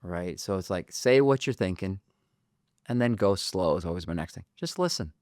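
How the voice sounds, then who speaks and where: Animated male therapist telling stories. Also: deep voice, normal speed, dry recording, studio quality. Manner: animated storyteller, acts out dialogue. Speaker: therapist guest. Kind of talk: casual podcast conversation.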